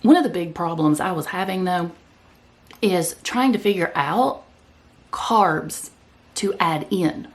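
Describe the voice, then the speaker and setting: A woman's voice: on the low side, lively intonation, takes it slowly, long pauses. A woman vlogger talking casually to the camera in a chatty, rambling way, sometimes speaking with her mouth full. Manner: chatty, rambling, talks while eating.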